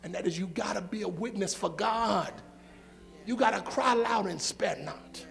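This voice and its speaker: A man's voice: sits high, normal speed, gravelly, fairly bright tone. A male pastor, preaching a sermon in a church with rhythmic, repetitive phrasing and call and response.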